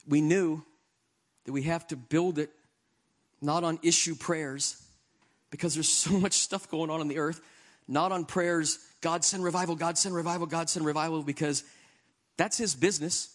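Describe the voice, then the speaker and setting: A man preaching a sermon in an earnest, conversational way, shifting between quiet reflection and emphatic stretches. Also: on the high side, steady tone, unhurried, pauses often.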